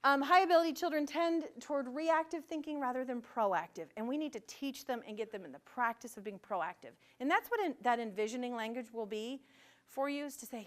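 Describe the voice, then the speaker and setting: A woman's voice: high-pitched, fairly quick. A middle-aged woman presenting a parent workshop in a conversational way, acting out bits of dialogue. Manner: conversational, acts out quoted dialogue. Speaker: gifted education administrator presenting to parents. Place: school meeting room.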